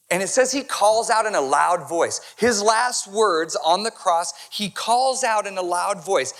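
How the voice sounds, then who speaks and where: A male pastor preaching an impassioned sermon that swings from hushed to loud. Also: high-pitched, lively intonation, normal speed, few pauses.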